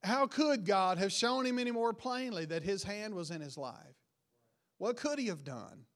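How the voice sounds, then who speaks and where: A man preaching a sermon, retelling a Bible story with rising emphasis and quiet, dropped line endings. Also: sits high, expressive, moderate pace.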